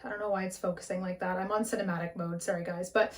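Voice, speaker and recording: A woman's voice: on the low side, fairly even intonation, quick pace. Young woman, beauty vlogger, frank casual chatter, occasional swearing, slightly heavy breathing, camera mic at home. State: breathing heavily. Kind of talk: casual makeup tutorial chat.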